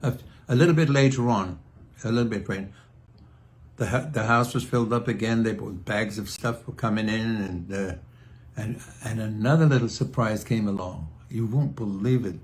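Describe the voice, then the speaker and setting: An older man chatting in a casual video diary, halting and restarting often, clearing his throat as he tells fond stories about his family. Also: fairly low pitch. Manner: fond, reminiscing storyteller. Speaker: singer sharing a video message.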